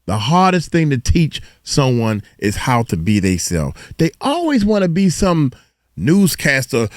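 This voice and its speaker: A man's voice: medium pitch, a little slow, no echo, clean studio sound. A man hosting a video in which he reacts to another clip, giving casual, colloquial commentary that often turns into a lecture. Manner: animated, preachy, colloquial.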